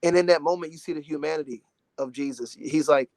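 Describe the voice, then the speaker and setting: Earnest, animated young man, slightly high. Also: quick pace, no room sound. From Dallas, Texas. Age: 20s. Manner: earnest and emotional, animated, many "you know"s. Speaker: gospel recording artist, interview guest. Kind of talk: casual interview talk.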